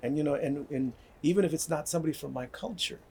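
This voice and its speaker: An older man, a guest on the subject of healing and community, tells stories in a quick, earnest conversational way, repeating words and often checking in with "right?". His voice is on the high side, gravelly and darkish, with a breathy edge.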